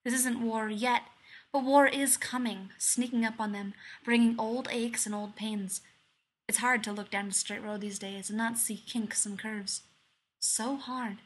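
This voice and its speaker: A woman narrates a story in a soft, measured way, her voice sitting a little high. She reads the prose steadily, as a storyteller. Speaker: fan fiction reader. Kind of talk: scripted narration.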